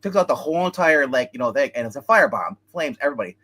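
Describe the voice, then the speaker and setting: A man's voice: mid-range voice, animated, rapid-fire, bright, forceful tone, a little hiss or hum. A man co-hosting a casual film review chat, rambling as he retells scenes and acts out quotes. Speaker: movie review show co-host.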